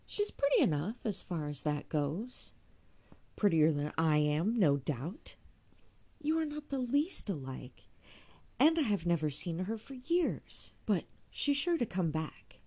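A devoted young man who pleads earnestly and takes hurt easily, as a woman reader puts him on. The voice is mellow and slightly gravelly, rising with feeling. He sounds like someone from a storybook romance. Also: on the low side, huge pitch swings, unhurried, pitched above the performer's own voice, full character voice.

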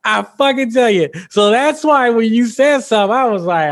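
Animated high-voiced man telling stories. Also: unhurried. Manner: animated, laughing, acts out quotes in a high voice. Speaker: podcast host. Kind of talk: casual storytelling chat.

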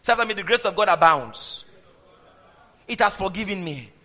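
In a hall full of long, echoing reverb, a high-voiced pastor preaches at normal speed. His sermon is animated, and he has the congregation call his lines back to him.

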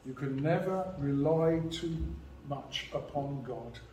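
A man preaching a sermon in a church, measured and emphatic, leaning hard on key phrases. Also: medium pitch, dark tone, a little hiss or hum. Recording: echoey church hall, mic at a distance.

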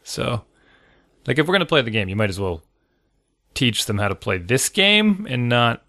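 A man's voice: medium pitch, big pitch swings, normal speed, pushed and bright, no room sound, clean studio sound. A man who coaches youth soccer, chatting casually in a wry, rambling, joking way. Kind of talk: casual chat.

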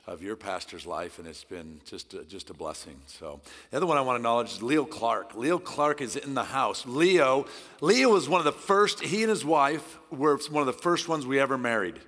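A middle-aged man from Southern California, a guest pastor preaching a sermon in a loud, intense, passionate way. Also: medium pitch. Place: church hall. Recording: long church hall reverb.

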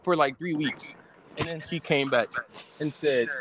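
A brash young man in a loose podcast chat, his voice sitting a little high. He swears freely and acts out stories with mock quotes. A faint noise runs behind him. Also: a little slow, a bit bright, low-quality recording. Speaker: podcast host. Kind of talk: casual banter.

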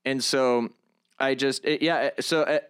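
A young man with a smooth, clean voice speaks as a guest in a relaxed interview. He talks earnestly, stumbling and restarting as he works through his thoughts, and leans on a lot of fillers along the way. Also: mid-range voice, a little slow. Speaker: guest, comedian and activist vlogger. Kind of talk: conversational interview.

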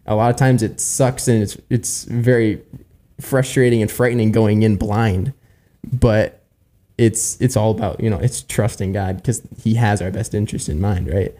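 Guy in his 20s, deep-ish mellow voice, earnest church chat, rambles and keeps saying right. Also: fairly even intonation, moderate pace. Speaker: church worship musician on panel. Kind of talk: casual church discussion.

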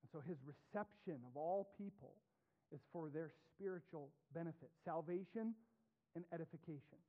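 A male pastor preaching a sermon, reading scripture aloud with deliberate weight as his voice rises and drops sharply for emphasis. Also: fairly high pitch. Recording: tinny, phone-like narrow sound.

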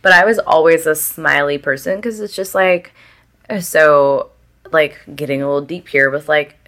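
A woman's voice: low-pitched, moderate pace, fairly bright tone. A young woman chatting candidly as a podcast guest, full of filler words and casual swearing.

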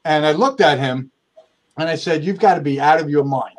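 A man's voice: a little high, normal speed. A man from the United States, a firm owner, telling stories in an interview, talking conversationally with many restarts and acting out quoted dialogue. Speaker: accountant and firm owner, guest. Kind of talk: storytelling interview answers.

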